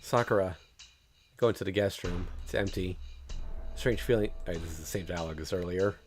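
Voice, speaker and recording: A man's voice: deep voice, brisk, darkish tone, slight background noise. A male streamer reading a visual novel aloud in first person, with casual joking asides.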